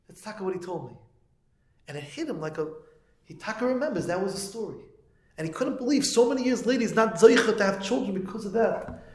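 A man with a high voice delivers a Torah lecture, telling a story and then rising into emphatic moral preaching. His talk is full of Yiddish and Hebrew terms, and the room around him rings with echo. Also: animated, fast, darkish tone. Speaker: teacher of yeshiva students. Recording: echoey room.

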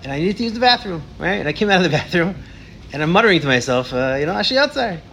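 A man teaches a casual discussion class in a quick, tumbling delivery. His voice sits a little high, and he restarts sentences as he builds stories. Faint room noise lingers behind. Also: creaky. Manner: animated, fast storytelling with many restarts. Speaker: teacher leading a Torah discussion.

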